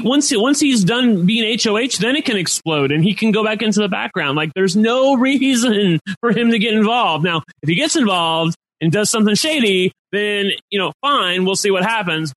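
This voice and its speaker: A man's voice: high-pitched, expressive, normal speed, few pauses, fairly bright tone, poor audio. A man hosting a casual podcast discussion. He talks with upspeak and fills his talk with "like". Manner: upspeak, rising at sentence ends; chatty, leans on filler "like". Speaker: podcast host.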